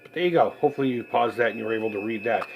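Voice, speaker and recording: A man's voice: medium pitch, very fast, highs cut off, a little hiss or hum. A man in his forties hosting a casual unboxing video, rambling and swearing freely with a joking, laughing manner. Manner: rambling, profane and jokey, with laughs. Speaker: collectibles video host.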